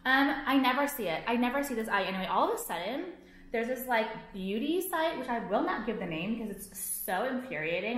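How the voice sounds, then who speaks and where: A woman's voice: a little high, animated, normal speed. A young woman vlogging to her viewers, ranting in a profane, exasperated way and filling her talk with "like". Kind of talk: casual ranting to camera. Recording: echoey room.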